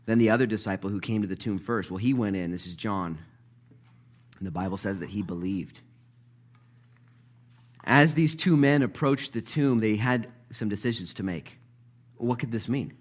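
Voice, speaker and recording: A man preaching in church to a congregation. He is animated and jokes, and acts out the voices of Bible characters. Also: on the low side, normal speed, pauses often. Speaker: pastor. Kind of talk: sermon.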